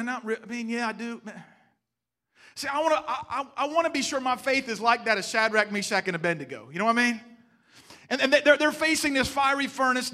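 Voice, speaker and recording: A man preaching a sermon, emphatic and stammering through restarts, asking his congregation rhetorical questions and swinging between loud emphasis and soft, hushed lines. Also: very high-pitched.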